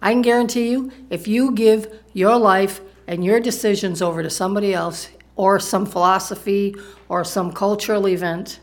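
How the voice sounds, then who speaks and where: A woman with a somewhat low voice preaches a sermon. She talks in a casual, conversational way and keeps asking her congregation questions.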